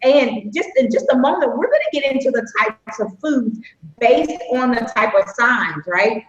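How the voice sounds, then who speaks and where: An upbeat woman with a fairly high voice, hosting a live stream in a chatty, folksy way. The sound is echoey and a bit muffled, like a live stream recorded in a reverberant room. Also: big pitch swings, moderate pace. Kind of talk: casual live-stream chat.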